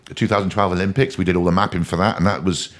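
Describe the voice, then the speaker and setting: A man, a podcast guest and company chairman from England, chatting casually in a studio and telling animated, laugh-filled anecdotes. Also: low voice, rapid-fire. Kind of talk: casual storytelling chat. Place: recording studio.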